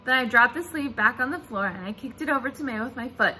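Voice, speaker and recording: A woman reads a children's chapter book aloud with expressive, animated storytelling. Her voice sits high and bounces through a wide range. The tone is bright and clear. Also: fast, slight background noise. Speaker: reader.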